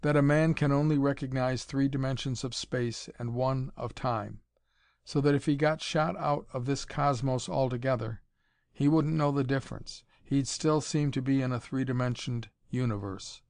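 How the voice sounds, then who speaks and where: An irritable young physicist, as a male narrator reads him, curt and impatient, in a steady mid-range voice. The recording is dry and close, with nothing around the voice. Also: mid-range voice, moderate pace, no room sound, lightly acted. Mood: vexed. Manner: curt, annoyed.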